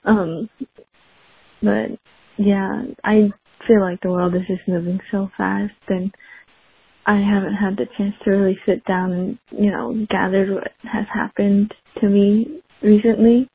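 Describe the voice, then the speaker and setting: Woman, near tears, halting, husky, dry phone line. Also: mid-range voice, flat delivery, no room sound. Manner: halting, fighting back tears. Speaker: voicemail caller. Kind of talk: recorded phone confession.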